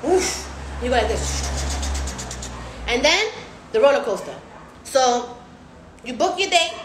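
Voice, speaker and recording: High, animated woman in echoey room. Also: slow pace, a little hiss or hum. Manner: animated, acts out patients' voices; slangy and profane. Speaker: recovery house host. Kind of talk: casual live stream talk.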